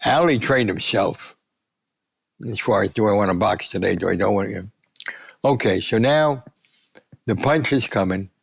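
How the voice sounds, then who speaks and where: A man in his nineties, a guest sportswriter, telling animated anecdotes and acting out the voices of people he quotes. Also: on the low side, moderate pace, gravelly, long pauses, slightly rough. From United States. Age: 90s. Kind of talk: storytelling interview.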